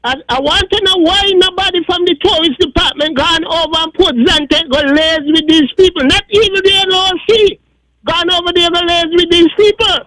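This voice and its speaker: Very high-voiced Kittitian man, insistent caller. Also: fairly even intonation, normal speed, low-quality recording. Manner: insistent, pointed questions. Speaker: radio caller. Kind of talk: call-in radio complaint.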